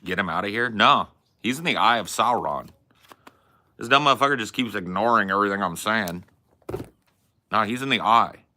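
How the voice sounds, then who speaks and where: A man's voice: lowish voice, lively intonation, normal speed, long pauses, bright, forceful tone. A young man hosting a stream, ranting at a chat member in a combative, mocking and profane way. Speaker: stream host arguing with chat. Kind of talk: heated stream rant.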